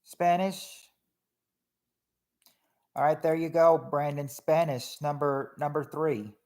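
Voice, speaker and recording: A man's voice: on the high side, steady tone, slow pace, a little mellow. A man casually hosting a family game show on a livestream, reading out viewers' answers and names, with a lot of hesitant restarts. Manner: chatty, reads chat names, hesitant restarts.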